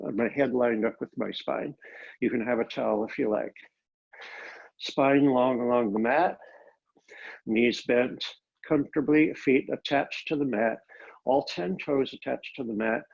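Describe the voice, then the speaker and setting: A man teaching a Pilates class, calmly cueing each step of the exercises, recorded on a laptop microphone. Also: medium pitch, creaky, husky, lo-fi sound. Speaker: Pilates instructor. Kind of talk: guided exercise class instruction.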